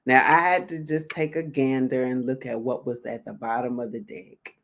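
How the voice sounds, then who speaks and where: A woman's voice: rumbling low, steady tone, normal speed. Woman, tarot co-host, casual storyteller, acts out dialogue, laughs easily. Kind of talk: casual spiritual chat.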